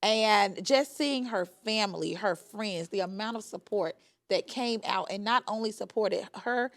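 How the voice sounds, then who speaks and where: A woman's voice: mid-range voice, measured pace, fairly bright tone. A woman from Alabama with a Southern accent, a book tour organizer talking with enthusiasm. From Montgomery, Alabama. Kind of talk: casual interview.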